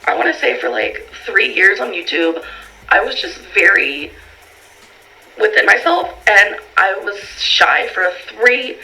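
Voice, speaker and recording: A woman's voice: medium pitch, sing-song, a little slow, bright, forceful tone, faint music behind, poor audio. A woman answering viewer questions in a casual vlog, rambling with lots of fillers and reading the questions aloud. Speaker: vlogger.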